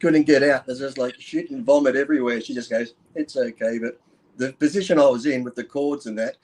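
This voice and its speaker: A man's voice: mid-range voice, steady tone, brisk, a little mellow, rough recording. A man chatting as a podcast guest, telling a crude story with bursts of laughter. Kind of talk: casual chat.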